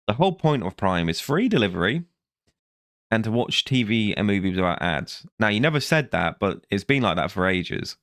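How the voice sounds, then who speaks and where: A man's voice: fairly low pitch, big pitch swings, normal speed, a bit bright, dry recording, studio quality. A tired man, ranting in a rambling, sarcastic vlog review that keeps correcting itself. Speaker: vlogger.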